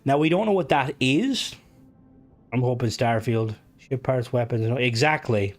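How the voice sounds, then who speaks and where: A man's voice: medium pitch, measured pace, soft background music. A man streaming and chatting casually, rambling with lots of fillers, restarts and swearing. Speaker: game streamer. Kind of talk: casual live-stream chat.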